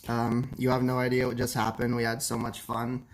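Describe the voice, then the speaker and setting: A young male streamer chats loosely and profanely, breaking off to cough. His voice sits at an ordinary pitch with a strong gravelly fry. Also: completely flat delivery, fairly quick, slight background noise. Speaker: livestream host. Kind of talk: casual late-night stream chat.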